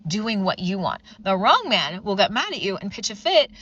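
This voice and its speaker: Bright-voiced woman telling a personal story. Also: mid-range voice, normal speed, muffled recording. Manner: candid, lively retelling with acted-out quotes. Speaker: host.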